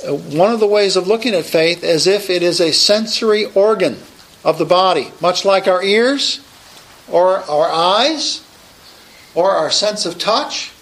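Male preacher, bright and sharp-toned, emphatic sermon delivery. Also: sits high, unhurried, roomy sound, rough recording. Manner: emphatic, raises voice to proclaim.

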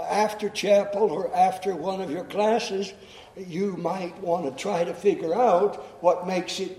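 A man preaching in chapel to students, explaining slowly and deliberately and repeating phrases for emphasis. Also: high-pitched, warm tone. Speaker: chapel speaker. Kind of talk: sermon to students. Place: chapel hall. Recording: echoey chapel hall.

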